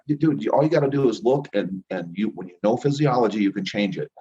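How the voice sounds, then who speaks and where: Middle-aged male guest, anecdotal and rambling, fairly low voice, dull lo-fi recording. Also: quick pace, few pauses. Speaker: interview guest, chiropractor and healer. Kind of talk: casual storytelling interview. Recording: dull lo-fi audio.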